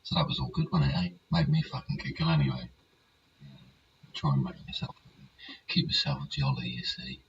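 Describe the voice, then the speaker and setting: A man's voice: rumbling low, steady tone, brisk. An older English man hosting his own show in a rambling casual monologue, swearing freely and checking for agreement. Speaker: host. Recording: distant mic, dull sound, faint hiss.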